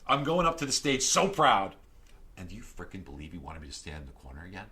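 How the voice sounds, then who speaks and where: A middle-aged man as a podcast guest, telling stories in a lively, animated way that grows loud and excited. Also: low voice, racing. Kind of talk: casual interview storytelling.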